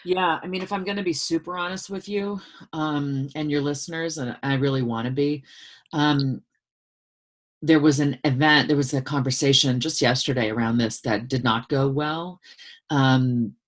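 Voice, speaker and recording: A woman's voice: deep voice, fairly even intonation, normal speed. Earnest middle-aged woman telling stories. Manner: earnest, emotional, heartfelt storytelling. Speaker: guest author. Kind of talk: candid conversational interview.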